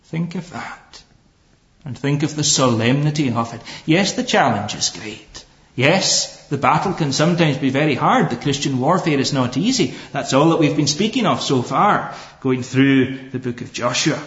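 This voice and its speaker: A man's voice: medium pitch, animated, normal speed, fairly bright tone, roomy sound, highs cut off. A man preaching a sermon, earnest and emphatic, asking rhetorical questions and pressing home each point.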